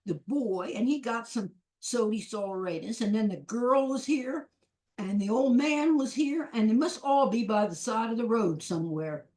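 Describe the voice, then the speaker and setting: A woman's voice: on the high side, normal speed, a little mellow, lightly acted. A woman storyteller voicing an old-time country storekeeper in a folk tale. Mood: matter-of-fact.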